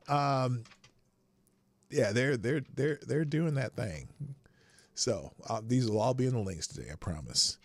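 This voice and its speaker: A man hosting a live show, rambling through casual commentary with frequent swearing and sudden jumps in pitch. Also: lively intonation, a little slow, pauses often, no room sound.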